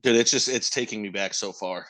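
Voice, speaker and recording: Loud, swearing podcast co-host. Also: male voice, fairly low pitch, brisk. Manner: loud, swears freely, hypes things up. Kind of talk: casual podcast chat.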